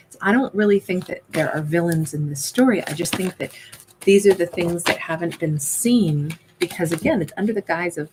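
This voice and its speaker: Lady doing a chatty tarot reading, lowish voice, acts out little quotes, bit of faint noise behind. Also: moderate pace, a little mellow, low-quality recording. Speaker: tarot reader. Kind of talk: casual tarot reading monologue.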